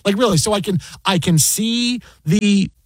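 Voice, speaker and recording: A middle-aged sports broadcaster, appearing as a podcast guest, tells a story in casual chat, acting out the quoted dialogue and restarting often. His voice is high-pitched at normal speed, and the recording is dry.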